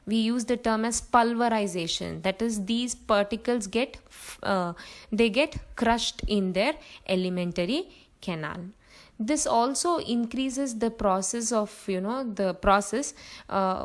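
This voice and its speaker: A woman's voice: mid-range voice, poor audio. A young woman teacher giving a biology lecture, explaining terms step by step with frequent fillers.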